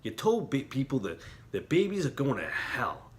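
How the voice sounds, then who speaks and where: A middle-aged man talking as an internet preacher, heated and emotional in places, quiet and somber in others. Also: medium pitch, huge pitch swings, normal speed. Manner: heated, talks with rising emotion and repeated apologies; quiet and somber when reflecting. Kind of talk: impassioned religious commentary.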